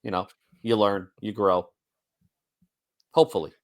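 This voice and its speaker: A man's voice: lowish voice, fairly even intonation, unhurried, a little mellow. A man in his forties co-hosting a sports podcast, blunt and wry in casual chat. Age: 40s. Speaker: podcast co-host.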